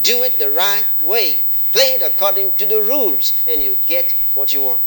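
Male preacher, sermon, slightly high voice, questions to the congregation, emphatic repetition, long hall reverb, faint background noise. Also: expressive, moderate pace, bright, forceful tone.

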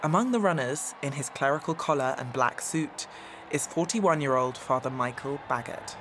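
A woman presenting and narrating a radio documentary in a measured, clear reporting voice. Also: rumbling low, background noise. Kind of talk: scripted narration.

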